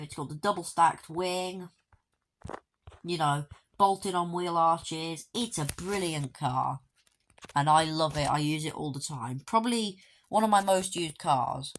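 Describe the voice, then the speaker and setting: Woman chatting through a game tour, lowish voice, dry jokey asides, faint hiss behind. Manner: dry, offhand joking asides. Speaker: gaming video creator. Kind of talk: casual game walkthrough commentary.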